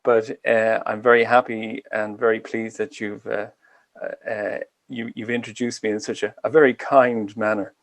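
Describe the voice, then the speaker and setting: A man with an Irish accent giving an online medical lecture over a video call, speaking deliberately slowly and carefully. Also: lowish voice, little pitch movement. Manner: deliberately slow and careful delivery. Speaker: guest lecturer.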